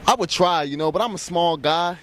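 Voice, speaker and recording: A man's voice: sits high, brisk, a bit bright, slight background noise. A man giving a casual, joking answer outdoors, sounding offhand.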